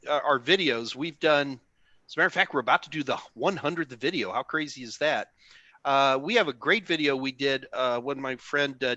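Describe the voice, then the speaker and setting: Texan male host, bright and fairly high voice, jokey and chatty, dry close sound. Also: no room sound. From Texas. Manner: joking, chatty, lots of fillers. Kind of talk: live Q&A stream chat.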